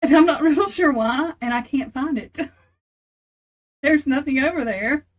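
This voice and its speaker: A high-pitched woman hosting a live tarot reading, talking straight to her viewers in a loose, casual way. She sounds flustered and giggly, and laughter breaks into her lines as she goes. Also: a little slow. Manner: talks straight to viewers and chat. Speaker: tarot reader on a live stream.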